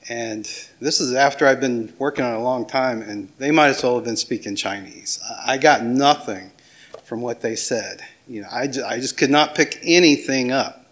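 Middle-aged male pastor, Southern accent, relaxed conversational sermon, ordinary pitch. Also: normal speed. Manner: casual, self-deprecating, with small laughs and restarts.

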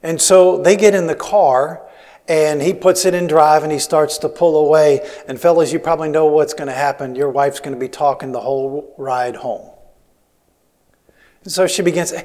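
A man's voice: fairly high pitch, fairly even intonation, moderate pace, a little mellow. A man preaching a sermon as a missionary, telling stories in a rambling way with many restarts. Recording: long hall reverb.

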